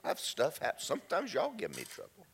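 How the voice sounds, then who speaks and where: A man preaching a sermon, telling an emotional testimony that drops to near-whispers and then rises loud. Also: on the high side, huge pitch swings, quick pace, gravelly, a little hiss or hum. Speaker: pastor.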